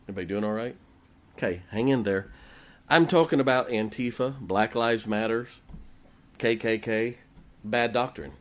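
Before a congregation in church, a man preaches a blunt, emphatic sermon, driving his points home in short lists and often breaking into a chuckle. His voice is on the low side, moving at a normal speed with long pauses.

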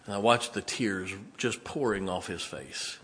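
A man in his fifties, a pastor preaching a sermon, telling a personal story and dropping to a hushed, emotional tone. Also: fairly low pitch, animated, a little slow, a little hiss or hum.

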